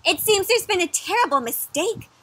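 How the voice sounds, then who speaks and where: A woman voicing a calm, sensible mother bulldog in a storybook, in a gentle, matter-of-fact way. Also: very high-pitched, moderate pace, pitched above the performer's own voice. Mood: earnest.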